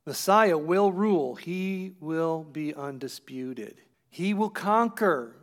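A pastor with a fairly high-pitched voice speaks slowly as he preaches a sermon. He retells scripture, acting out the quotes and posing questions to his listeners.

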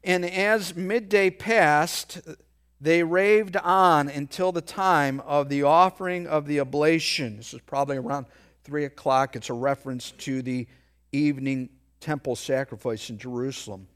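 A man preaching a sermon, reading scripture aloud and pausing to explain it in quick, casual asides. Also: a little high, steady tone, a bit bright, clear, resonant tone. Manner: reads verses slowly, then explains in a quick aside. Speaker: pastor.

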